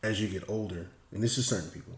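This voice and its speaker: A man in his thirties talking in a reflective, measured way in a casual podcast discussion. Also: on the low side. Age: 30s. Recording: echoey room.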